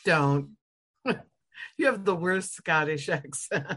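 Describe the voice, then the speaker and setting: A woman's voice: sits low, expressive, slow pace, fairly bright tone. A woman from Alabama, a guest on a comedy podcast, teasing dryly. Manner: dry and teasing. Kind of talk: casual comedic chat.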